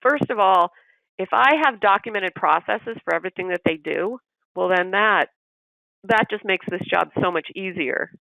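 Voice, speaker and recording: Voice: mid-range voice, normal speed, vocal fry, pushed and bright, dry recording, low-quality recording. A business systems trainer leading a recorded training session, explaining step by step and acting out short bits of manager dialogue. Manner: explanatory, walks through examples step by step; acts out manager dialogue in quotes.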